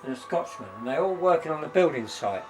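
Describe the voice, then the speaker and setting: A man's voice: fairly high pitch, expressive, fast, a little mellow, faint music behind. A middle-aged man casually telling crude jokes and laughing at his own punchlines.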